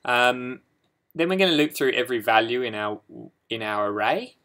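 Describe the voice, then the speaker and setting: A man's voice: medium pitch, animated, normal speed, bright, forceful tone. A man walking through code in a casual screen-recorded tutorial, hesitant with many ums and restarts. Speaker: coding tutor.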